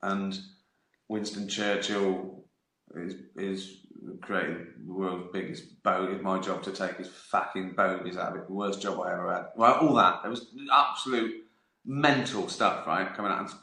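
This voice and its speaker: A man's voice: low voice, steady tone, normal speed, vocal fry, sharp tone. A man in his fifties hosting his own live stream, telling rambling anecdotes with frequent laughs and free swearing. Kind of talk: casual storytelling chat. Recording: roomy echo.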